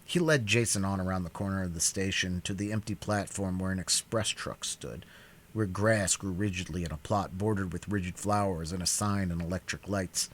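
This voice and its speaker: A man's voice: low-pitched, normal speed, slight background noise. A man doing a cold read of a novel on a live stream, narrating expressively.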